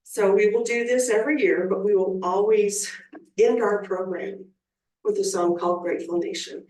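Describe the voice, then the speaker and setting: A woman's voice: mid-range voice, steady tone, normal speed, darkish tone. A woman, an elementary music teacher, giving an informal, enthusiastic presentation at a school board meeting. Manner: informal and enthusiastic, with many fillers. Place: meeting room. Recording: roomy, distant meeting-room sound.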